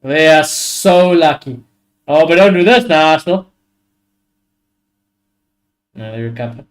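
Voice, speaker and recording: Young man, high voice, excitable live football reactions, swears a lot, watchalong host. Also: measured pace. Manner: excitable, swears freely, reacts loudly to play.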